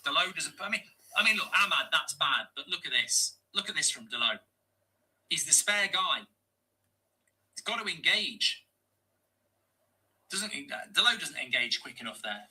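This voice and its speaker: A man reacting to a football match live as a fan channel host, exasperated and swearing, often breaking into shouted rants. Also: on the high side, big pitch swings, moderate pace, pauses often, rough recording. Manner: swearing, exasperated, ranting at the game.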